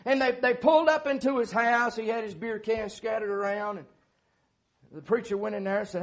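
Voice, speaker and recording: A man's voice: high voice, fairly even intonation, a little fast. A man preacher who tells a folksy, plain-spoken story in a sermon, with many filler words.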